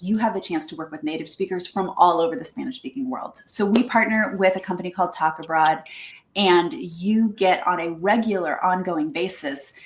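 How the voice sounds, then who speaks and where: A woman with a lowish voice gives a casual, lively presentation about her language school to a networking group. Chatty in manner, she acts out little quoted exchanges, and the room sounds echoey.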